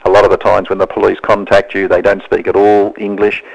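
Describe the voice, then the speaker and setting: Speaking over a phone line on live radio, this Australian honorary consul offers advice earnestly and plainly. His low-pitched voice carries vocal fry, and his delivery is brisk and completely flat.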